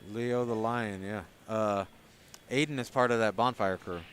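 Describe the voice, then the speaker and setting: A man giving casual live commentary on a pool match, talking through shots in a relaxed, conversational way. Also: lowish voice, unhurried, slight background noise.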